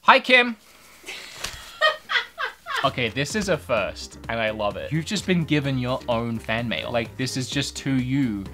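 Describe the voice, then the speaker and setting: A woman hosting a casual vlog while opening fan mail, excitable and jokey with a sarcastic streak. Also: very deep voice, measured pace, long pauses, music in the background. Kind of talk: casual chat.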